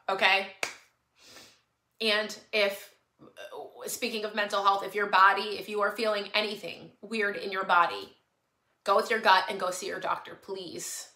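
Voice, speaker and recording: In an echoey room, a woman hosting a live stream earnestly and tearfully pleads with her followers, going over the same points again. She speaks a little slowly at a medium pitch, with a level tone that sounds pushed and bright.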